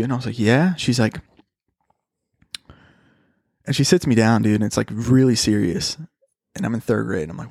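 A man's voice: medium pitch, a little fast, vocal fry, pauses often, a little mellow, breathy edge, no room sound. A young man with a mid-range voice tells a story in loose, slangy chat. He swears freely and calls his listeners "dude" every few lines. The sound is dry and close. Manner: slangy, swears a lot, says "dude" often.

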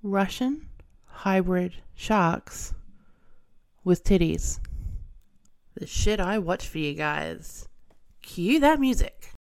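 A woman's voice: fairly low pitch, expressive, very slow, pauses often, a little mellow. A woman hosting a podcast, reviewing a film in a casual, irreverent monologue, swearing and laughing as she goes. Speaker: podcast host.

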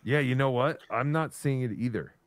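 A man's voice: medium pitch, moderate pace, no room sound. A man hosting a casual live podcast stream, rambling as he reads out viewer donations. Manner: rambling, reads out super chats. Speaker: podcast host.

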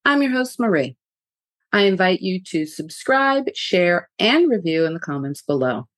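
A woman hosting her own podcast, telling a personal story in a frank, animated way and laughing often. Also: on the low side, measured pace, dry recording. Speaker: podcast host.

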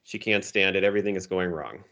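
A man's voice: sits low, quick pace, sharp tone. A man co-hosting a casual movie discussion, recapping scenes and quoting favorite lines playfully. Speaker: podcast co-host.

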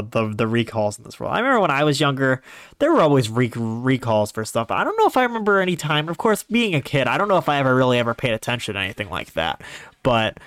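On his own podcast, a twenty-something podcast host from Northeast Ohio, USA, tells stories in an animated, rambling solo monologue. His voice is medium-pitched, and the studio-quality recording carries no room sound.

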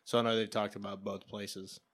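Man, casual sports chat, low voice, laid-back, measured. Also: level tone, fairly bright tone. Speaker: podcast co-host.

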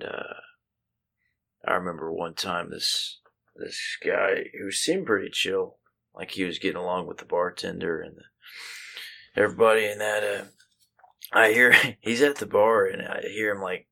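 A man's voice: deep voice, measured pace, creaky, long pauses, pushed and bright. A man, chatting in a laid-back way and laughing along. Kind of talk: casual chat.

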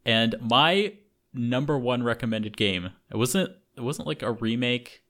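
A man's voice: medium pitch, animated, unhurried, fairly bright tone. Rambling male podcast host. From English-speaking country. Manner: rambling with frequent fillers and restarts. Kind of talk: casual podcast chat.

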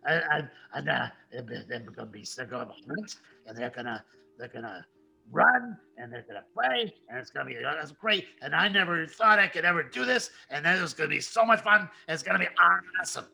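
A man voicing a giant, excitable male dire wolf who rambles and repeats himself in a tabletop game. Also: fairly high pitch, brisk, vocal fry, breathy edge, faint music behind, full character voice. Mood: excited.

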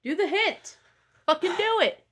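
A young woman bantering excitably and swearing freely while guessing quotes in a drinking game. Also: very high-pitched, unhurried.

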